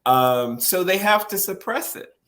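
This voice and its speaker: A man's voice: high-pitched, animated, a little slow, fairly bright tone. A man who is a policy researcher speaks as a guest on a podcast interview, explaining at length, often laughing and restarting his phrases as he thinks.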